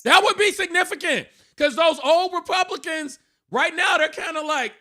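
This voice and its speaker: A man's voice: extremely high pitch, normal speed, sharp tone. A man co-hosting a podcast, reacting bluntly and swearing in a casual political chat. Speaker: podcast co-host.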